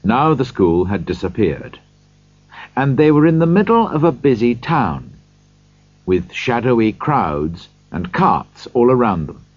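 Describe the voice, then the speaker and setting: A man narrating a storybook in a slow, highly expressive reading. His pitch swings widely and his voice is slightly husky. The recording is dry, dull and lo-fi. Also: no room sound.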